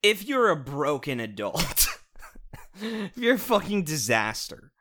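A man co-hosting a casual podcast, reviewing a show in an animated, sarcastic rant with lots of swearing and restarts. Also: on the high side, slow pace.

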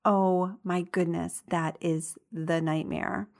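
A woman hosting a podcast, reading listener stories in a casual, giggly, animated way. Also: fairly low pitch, slow pace. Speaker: podcast host.

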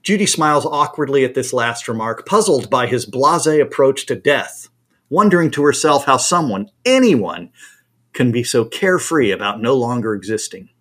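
A man reading a story aloud at a brisk, expressive pace. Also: mid-range voice, breathy edge. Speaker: reader.

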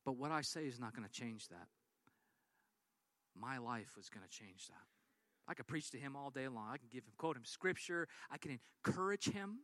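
A man preaching a sermon as pastor, telling stories in an animated way and acting out what people said. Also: medium pitch, normal speed, no room sound. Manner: animated storytelling with acted-out quotes.

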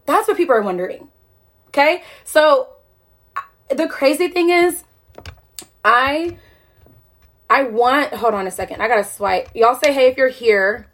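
Woman, high voice, passionate phone-livestream rant with a stream of rhetorical questions. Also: a little slow, long pauses, a bit bright. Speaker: network marketer hosting a live video.

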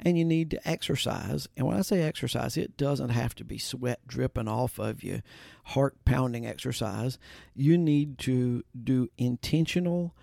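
A man's voice: medium pitch, measured pace, vocal fry, mellow, dry recording, clean studio sound. A man hosting a podcast, telling a story and giving health advice in a folksy, conversational way with asides and restarts. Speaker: podcast host. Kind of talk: casual spoken storytelling and advice.

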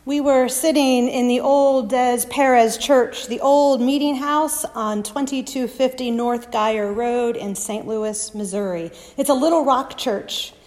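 A woman preaching a sermon, telling the story dramatically and sinking into hushed whispers. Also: on the high side, measured pace, few pauses. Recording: long reverb of a large hall.

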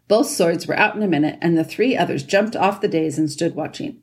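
A woman narrating a children's storybook at a steady pace. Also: fairly low pitch, fairly quick, few pauses. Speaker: audiobook narrator.

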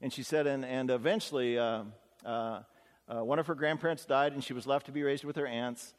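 A middle-aged male pastor tells stories from the pulpit in a folksy, earnest way, peppering his talk with 'uh' and 'you know'. His voice sits at an ordinary pitch for a man and carries a long reverb tail from the church hall. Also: steady tone, fairly quick. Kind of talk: conversational storytelling sermon. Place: church sanctuary.

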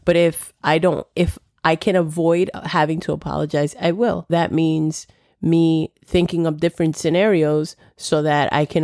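A woman's voice: sits low, darkish tone, no room sound, studio quality. A young woman hosting a solo podcast, chatting casually and acting out the dialogue of her stories. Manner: chatty storytelling, acts out quoted dialogue. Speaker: podcast host.

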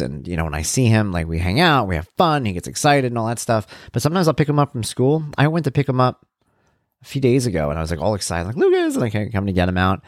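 A parenting blogger hosting a podcast talks at a fairly low pitch, wandering conversationally through thoughts on parenting and his blog. It's a casual, self-deprecating monologue recorded at studio quality with no echo.

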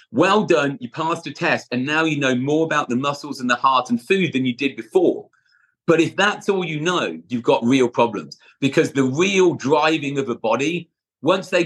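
A man's voice: a little high, a bit bright, husky. A male personal trainer as an interview guest, talking earnestly and rambling, with restarts and casual swearing.

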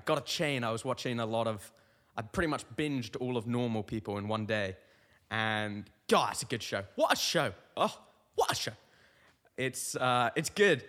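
A man's voice: medium pitch, fairly bright tone, in a large hall. A young man hosting a comedy podcast, telling meandering, self-mocking stories full of tangents. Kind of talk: rambling comic monologue.

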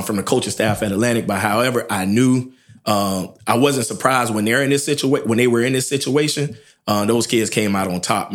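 American coach dude on his podcast breaking down a game, gets excited and goes up high on big plays. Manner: animated storytelling, rises in pitch at dramatic moments. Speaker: podcast host and high school football coach. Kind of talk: casual sports recap.

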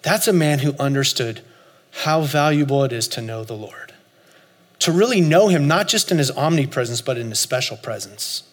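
A man in his forties preaching a sermon, telling a story with loud high bursts and soft low asides. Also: animated, moderate pace. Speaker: pastor. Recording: long hall reverb, faint music.

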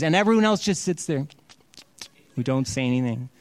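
Animated man retelling a story in a sermon. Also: mid-range voice, a little fast, long pauses, dry recording. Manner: animated retelling with acted-out quotes. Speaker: pastor.

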